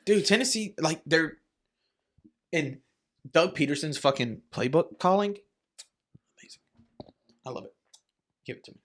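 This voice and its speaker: A man's voice: fairly high pitch, lively intonation, normal speed, pauses often. A young man co-hosting a podcast, chatting casually about football, swearing a lot and laughing often. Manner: profane, joking, laughs often. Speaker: podcast co-host. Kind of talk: casual chat.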